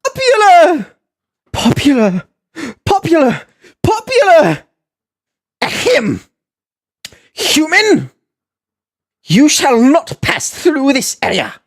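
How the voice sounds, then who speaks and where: Pompous booming skeleton, played by a woman, theatrical, flamboyant, slow and drawn out. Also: huge pitch swings, heavily acted. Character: loud pompous male skeleton, excitable and grandiose. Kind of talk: voice acting audition takes.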